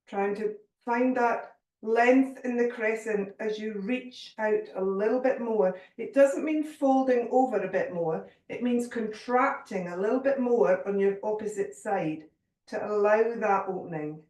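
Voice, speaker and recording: A woman guiding a yoga class, giving calm, gentle cues with a little humour. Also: mid-range voice, far from the mic. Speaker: yoga teacher. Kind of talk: guided yoga class instruction. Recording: echoey room, voice from off mic.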